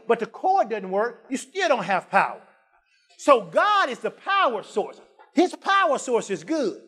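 High-voiced preacher man, shouting in bursts. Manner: swings from quiet asides to shouted emphasis, drawn-out scripture lines; colloquial, repeats phrases for emphasis. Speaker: pastor. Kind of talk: preaching a sermon with call-and-response.

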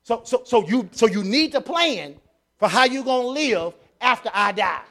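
High-voiced preaching man. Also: animated, normal speed, vocal fry. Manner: preachy, repetitive, swings from quiet to loud. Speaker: pastor. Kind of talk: sermon.

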